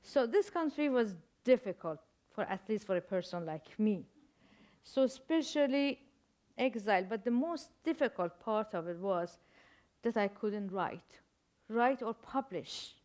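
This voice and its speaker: An older woman with a Persian accent, a native Persian speaker, telling stories as a guest author in a reflective interview, halting and searching for words with wry humor. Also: mid-range voice, expressive, a little mellow. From Iran.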